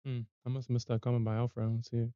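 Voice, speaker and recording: A man's voice: medium pitch, monotone, racing, mellow, clear, resonant tone, dry recording, dull audio. A man hosting a trading livestream, chatting casually in a rambling way with many restarts and self-corrections. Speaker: livestream trader host.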